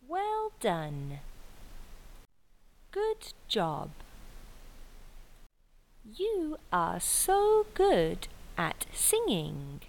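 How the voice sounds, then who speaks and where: A woman teaching English by reading everyday phrases aloud, one at a time, clearly and deliberately for learners. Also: medium pitch, wildly swooping pitch, a little mellow, low-quality recording. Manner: slow, deliberate and widely varied intonation for learners. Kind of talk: slow scripted phrase reading.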